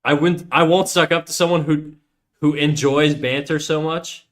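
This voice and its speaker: A man's voice: a little high, steady tone, moderate pace, a bit bright. A young man streaming while drawing, chatting with viewers in a joking, ranting way with lots of swearing. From United States. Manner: ranting, joking, heavy swearing, mock outrage.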